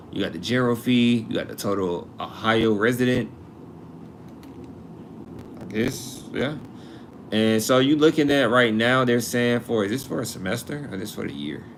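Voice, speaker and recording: A man in his twenties hosts a casual live stream in a mid-range, fairly bright voice, with slight background noise. Chatty and joking, he talks to his chat readers while reading comments and looking up college costs.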